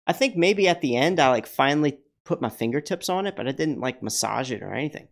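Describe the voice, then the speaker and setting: A man's voice: mid-range voice, lively intonation, fast talker, creaky, hardly any pauses. A man hosting a livestream, telling stories casually. He rambles, restarts often, swears now and then, and acts out the people in his stories. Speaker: livestream host.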